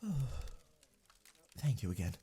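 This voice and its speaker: A man voicing a gentle, courteous tavern keeper in an ASMR role-play, speaking politely and softly with halting repetitions. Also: a little hiss or hum, natural voice. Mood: fond.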